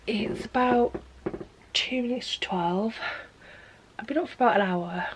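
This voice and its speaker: A young woman, chatting to camera in a vlog and retelling a story in a gossipy, animated way. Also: mid-range voice, unhurried, pauses often, breathy edge, rough recording. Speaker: vlogger.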